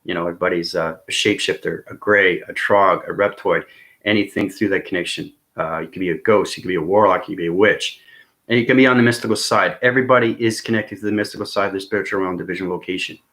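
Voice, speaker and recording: A man's voice: low-pitched, quick pace, a bit bright. A man vlogging in a rambling, intense monologue, often checking in with his viewers by asking "okay?" and "right?". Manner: intense and earnest. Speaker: spiritual vlogger.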